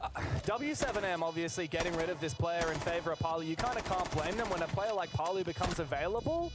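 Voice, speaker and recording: Excitable high-voiced male esports caster. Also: quick pace, very noisy. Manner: excitable, rising to shouts at big plays. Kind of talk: live esports commentary.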